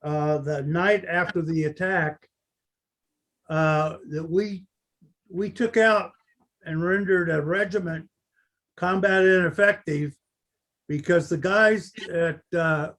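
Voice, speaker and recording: A man in his seventies, a veteran telling his account of a battle, halting often with fillers. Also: on the high side, fairly even intonation, fairly bright tone. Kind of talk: unscripted recollection.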